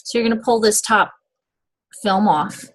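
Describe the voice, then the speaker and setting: A woman's voice: medium pitch, moderate pace, slightly rough. A woman giving a casual step-by-step nail application demonstration, checking in often with "okay?". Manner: chatty, step-by-step instructions with frequent "okay?" check-ins.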